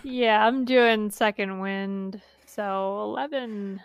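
Woman, tabletop player, very slow talker, dry teasing, faint noise. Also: medium pitch, steady tone. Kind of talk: tabletop game play on a stream.

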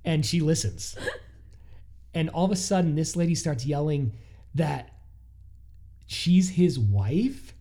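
A man co-hosting a podcast, telling a listener's story in a casual, animated way with frequent laughs. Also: a little high. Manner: animated, laughs often, quick asides. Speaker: podcast co-host.

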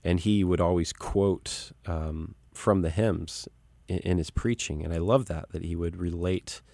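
A man with a very low voice talks as an interview guest, earnest and reflective, often restarting his sentences. The sound is dry and close, with no room around it. He reads as a pastor and musician. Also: steady tone, a little slow, creaky, mellow, dry recording. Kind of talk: conversational interview.

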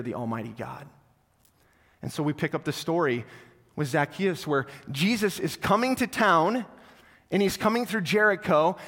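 A male pastor tells a story during a sermon and grows softer and lower as he invites the church to respond. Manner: storytelling, falls soft and low when inviting. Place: church sanctuary. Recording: long hall reverb.

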